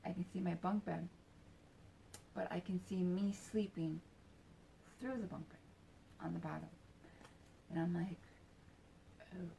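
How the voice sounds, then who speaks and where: A woman's voice: on the low side, fairly even intonation, measured pace, creaky, long pauses, warm tone, slight background noise. A woman in her forties telling a personal story in a casual, rambling way, with lots of fillers and swearing. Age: 40s.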